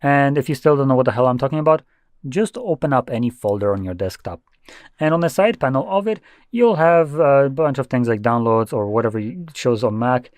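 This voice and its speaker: Young man, casual screen-tutorial host, mid-pitched, dry close sound, offhand and blunt. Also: darkish tone, no room sound. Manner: loose, offhand, blunt asides. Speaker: tech tutorial presenter.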